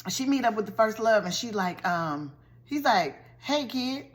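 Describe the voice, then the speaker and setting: A woman vlogger recapping a TV show's plot in a lively, colloquial storytelling style, full of slangy asides. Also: medium pitch, normal speed. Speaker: vlogger reviewing a TV show.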